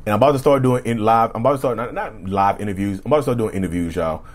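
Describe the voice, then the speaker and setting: A man hosting a casual solo podcast, talking in a rambling, repetitive way with a slightly rough throat he keeps clearing, and often asking the listeners "right?". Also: lowish voice, very fast. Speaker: podcast host.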